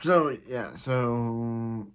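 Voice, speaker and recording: A man's voice: mid-range voice, drawn-out words, clean tone. A man casually recapping a TV episode, rambling and exasperated, giving blunt opinions. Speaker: TV show reviewer.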